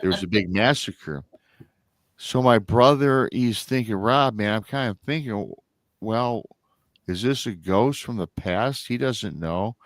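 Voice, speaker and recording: A man's voice: on the low side, animated, a little slow, no room sound. A middle-aged man from Michigan, a guest on a live stream, telling a family story in a rambling way and acting out what his relatives said. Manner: rambling, with restarts and acted-out quotes of family members.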